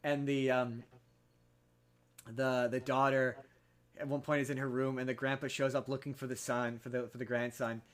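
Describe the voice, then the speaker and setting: This podcast host, a man, summarizes a film at a normal speed with a flat delivery. His retelling is casual and rambling, with many restarts, and he pops into high voices for quoted characters.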